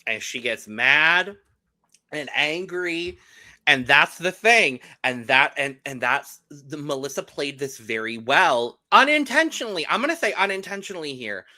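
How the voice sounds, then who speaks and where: Bright, animated young man gossiping. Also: on the high side, measured pace. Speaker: podcast co-host. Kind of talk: casual reality-TV recap chat.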